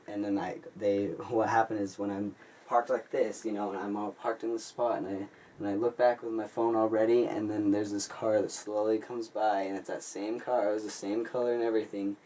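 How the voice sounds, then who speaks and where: A young man telling a story in a casual, rambling, excitable way, full of "like" and restarts. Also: fairly low pitch. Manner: rambling, excitable, heavy use of "like". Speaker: vlogger. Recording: distant mic with faint ambient noise.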